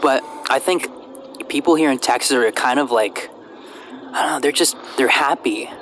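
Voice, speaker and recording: A young man from Pennsylvania hosting a podcast, playful and quick to laugh in casual chat. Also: medium pitch, a bit bright, a little hiss or hum. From central Pennsylvania. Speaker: podcast host.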